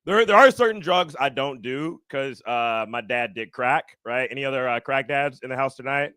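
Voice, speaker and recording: A man doing a stand-up comedy set on stage, animated and acting out other people's voices. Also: moderate pace, clean tone, dry recording. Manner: animated, acts out other people's voices with big jumps in pitch. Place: comedy stage before a live audience.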